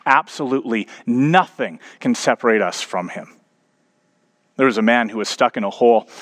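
A man preaching a sermon as pastor. He tells stories and builds to emphatic peaks. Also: medium pitch.

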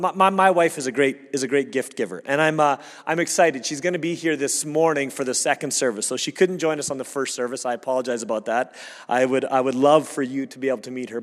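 A man's voice: on the high side, long reverb tail. A man preaching a sermon in a church, earnest and conversational, often restarting his phrases. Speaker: pastor. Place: church sanctuary.

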